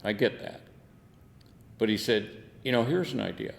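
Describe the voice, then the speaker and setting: A man's voice: fairly low pitch, normal speed, vocal fry, long reverb tail. An older man, a veteran, telling war stories in an oral history interview, salty and laughing, acting out the quotes. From United States.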